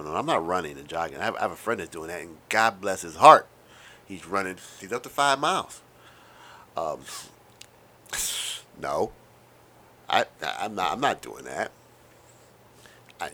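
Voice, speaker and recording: A man's voice: low voice, sharp tone. A man in his thirties hosting a casual, rambling monologue, wry and profane with lots of asides. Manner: self-described fast talker. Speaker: podcast host.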